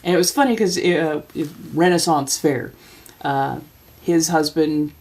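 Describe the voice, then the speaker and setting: In a low, darkish voice at a measured pace, a livestream host in her forties tells a long personal story during casual chat. She's chatty, laughs often, and acts out the voices of the people she describes.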